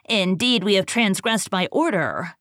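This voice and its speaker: A woman's voice: medium pitch, animated, unhurried, a bit bright, dry recording, studio quality. A woman voicing a grim, venomous monk who speaks with emphasis, in a storybook reading.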